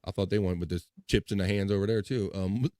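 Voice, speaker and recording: A man's voice: deep voice, steady tone, fast, warm tone, dry recording, studio quality. Jokey man reading chat on a live stream. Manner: laughs often, jokey, reads chat comments aloud. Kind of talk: casual banter.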